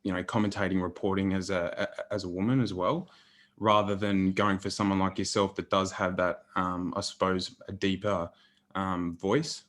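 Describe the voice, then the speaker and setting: A man's voice: sits low, little pitch movement, moderate pace, a bit bright. A man hosting a podcast interview, asking questions in a conversational way and sometimes restarting them. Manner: conversational, stumbles over questions. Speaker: podcast host.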